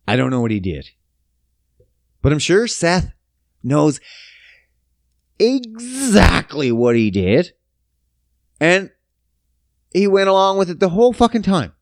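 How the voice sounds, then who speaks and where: A man rants in a casual, rambling way, swearing often and turning sarcastic. His pitch moves a lot. The recording is dry and close. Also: dry recording. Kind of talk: casual rant.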